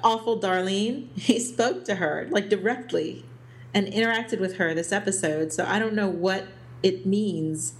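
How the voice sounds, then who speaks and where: A woman co-hosts a casual podcast chat about a TV series. She thinks aloud as she talks, filling pauses with ums and breaking into small laughs. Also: medium pitch. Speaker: podcast co-host.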